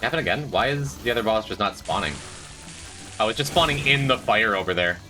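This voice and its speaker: Chatty and joking, a young gamer reads and responds to his chat mid-play in casual commentary. His voice is lowish, animated and fairly fast, with music in the background.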